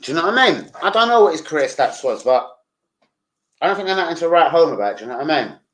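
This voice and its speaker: A man's voice: a little high, very animated, fast. A man chatting casually on a football fan vlog, rambling and full of slang and swearing. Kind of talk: casual livestream chat.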